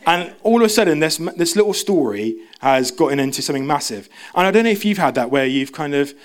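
A man's voice: animated, quick pace. Chatty young male preacher. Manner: chatty, self-interrupting, acts out quotes in a high voice. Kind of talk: casual sermon. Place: church.

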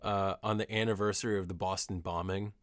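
A young man co-hosting a podcast, delivering dry, absurd jokes in a deadpan way. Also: deep voice, a little fast, clean tone, no echo. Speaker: podcast co-host. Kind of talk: casual chat.

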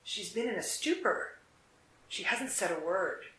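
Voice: mid-range voice, lively intonation, unhurried, pushed and bright. A storyteller voicing an older father in a folk tale, bewildered and insistent. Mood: puzzled. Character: puzzled older father of the bride. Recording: echoey room.

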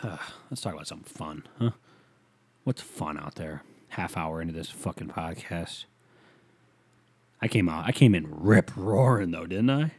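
A young man hosting a solo podcast, rambling casually, swearing often and mumbling asides in a deadpan way. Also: low voice, measured pace, breathy edge. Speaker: podcast host.

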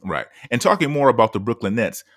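A man co-hosting a sports podcast, making his points in a measured way with many fillers. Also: mid-range voice, very animated, no echo, studio quality. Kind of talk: casual sports debate.

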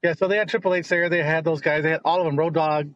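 A middle-aged man with a fairly high voice tells old family stories in a loose, rambling way, circling back and repeating himself. His audio sounds dull and lo-fi, with a dry, close feel. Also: fairly even intonation, fast, a bit bright, dry recording. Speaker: guest, host's father. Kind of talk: casual storytelling.

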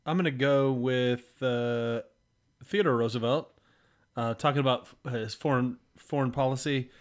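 A podcast co-host chats in a relaxed way, his voice at an ordinary mid pitch. He talks haltingly, often restarting his sentences, with a gently self-deprecating manner.

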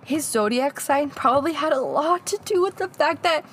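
A woman's voice: high voice, lively intonation, moderate pace, fairly bright tone, a little hiss or hum. Teasing young woman podcast co-host. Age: young adult. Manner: joking, teasing banter. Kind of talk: casual chat.

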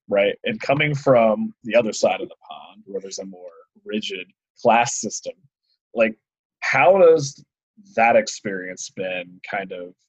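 A man's voice: on the low side, slightly rough, no room sound. A man hosting a casual interview, asking long questions and often chiming in with short agreements. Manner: affirming, frequent short agreements. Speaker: interviewer, podcast host. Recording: dull, dry, lo-fi recording.

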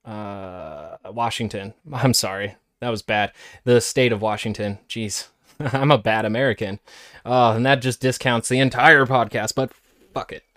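A man's voice: on the low side, a little slow, fairly bright tone, no echo, clean studio sound. A man hosting a podcast, commenting sarcastically on played clips in a casual way. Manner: sarcastic, mocking impressions. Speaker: podcast host.

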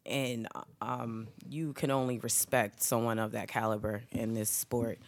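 A podcast co-host rambles through a story in casual group conversation, peppering it with lots of "um" and "like." The voice is medium in pitch, level in tone, and unhurried.

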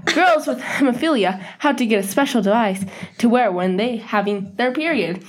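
A woman in casual group chat, loud and laughing, teasing the others and quick to get defensive. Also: fairly high pitch, animated. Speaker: podcast co-host.

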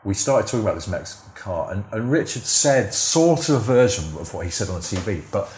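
A man's voice: on the low side, lively intonation, a little fast, a little mellow, echoey room. A man, a former TV script editor, telling stories as a podcast guest in a rambling, anecdotal way full of "sort of" and "you know". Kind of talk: casual interview storytelling.

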